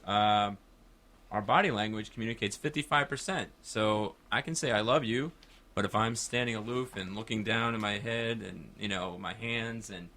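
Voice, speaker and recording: A man's voice: on the low side, bright, forceful tone. A man hosting a call-in radio talk show, chatting in a casual, rambling way from a studio microphone.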